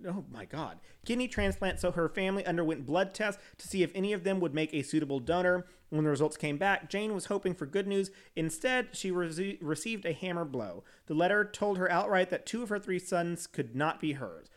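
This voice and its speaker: Guy reading an article out loud on a podcast, kinda high voice, keeps stumbling and laughing it off. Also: animated, brisk, few pauses. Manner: stumbles over words and restarts, laughs at himself. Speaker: podcast host. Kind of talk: reading an article aloud with casual asides.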